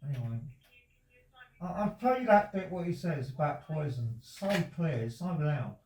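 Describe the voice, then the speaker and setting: High lively man, rambling off-mic. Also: a little slow, far from the mic. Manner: rambling and insistent, repeats himself. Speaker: resident talking to a visitor. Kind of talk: casual conversation. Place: indoors at his home. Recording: echoey room, off-mic, faint noise.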